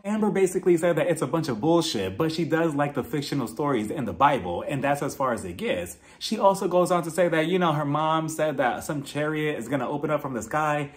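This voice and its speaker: A man's voice: a little high, expressive, a little fast, few pauses. A man giving a casual, candid recap of a reality TV episode, chatty and outspoken, with frequent swearing and laughter. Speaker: reality TV reviewer.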